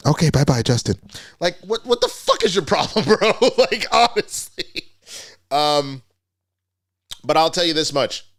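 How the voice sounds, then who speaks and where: A man's voice: mid-range voice, fairly bright tone. Profane, rambling casual male host. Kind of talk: casual ranting vlog commentary.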